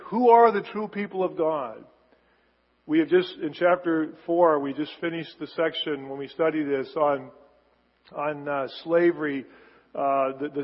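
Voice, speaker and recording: A man preaching a sermon as pastor, emphatic, repeating words for stress. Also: a little high. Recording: muffled sound in a large reverberant hall.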